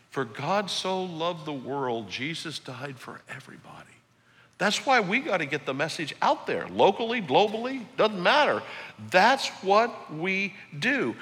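A man preaching a sermon in a church, swinging between loud emphatic highs and hushed low passages. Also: long reverb tail. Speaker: pastor. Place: church sanctuary.

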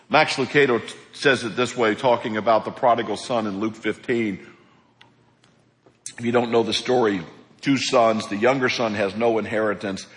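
A man preaching a sermon as pastor, animated, acting out the people in his stories. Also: fairly low pitch, long reverb tail.

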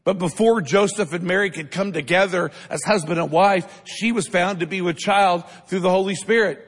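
High-voiced preacher in a reverberant hall. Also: male voice, normal speed. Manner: keeps asking the congregation "right?"; emphatic, builds up to shouted lines. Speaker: pastor. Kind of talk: sermon. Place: church sanctuary. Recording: long reverb of a large hall.

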